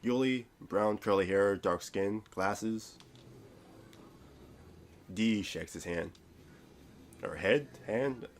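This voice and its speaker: A man's voice: on the low side, drawn-out words, long pauses, a little hiss or hum. A man reading a visual novel aloud, rambling and stumbling over words with self-mocking asides. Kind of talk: reading a game aloud with commentary.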